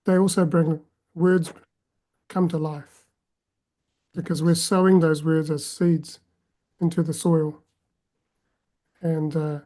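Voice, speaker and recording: A woman interviewing on a podcast, reflective, with soft hesitations. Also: deep voice. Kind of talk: casual podcast chat.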